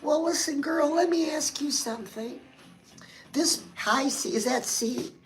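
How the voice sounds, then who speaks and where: A woman's voice: sits high, measured pace, soft background music, poor audio. A woman hosting a chatty motivational livestream, talking straight to her viewers and calling them girl. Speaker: livestream host.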